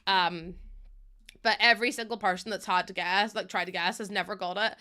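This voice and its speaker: A woman's voice: medium pitch, steady tone, fairly quick, bright, forceful tone. A young woman with a Northern Irish accent, chatting casually with viewers as she streams a game, rambling and laughing often. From Northern Ireland. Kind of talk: casual live-stream chat, greeting viewers.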